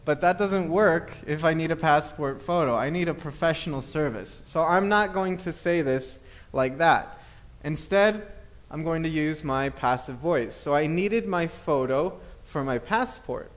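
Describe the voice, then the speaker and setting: Male teacher, somewhat high voice, patient step-by-step grammar explainer. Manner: patient, repeats examples slowly, checks with "okay?". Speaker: English teacher.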